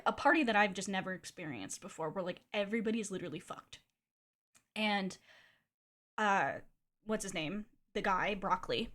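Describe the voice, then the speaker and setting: A woman's voice: medium pitch, fairly bright tone. A young adult woman streamer telling a personal story in a candid, chatty way, swearing freely and filling with "like". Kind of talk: casual storytelling.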